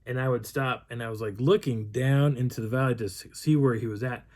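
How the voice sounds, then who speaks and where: A man with a medium-pitched, slightly mellow voice speaks a little fast with fairly even intonation. A Bigfoot researcher from the Colorado high country, he tells a rambling field story of a mountain hike, repeatedly starting over and voicing the people he met.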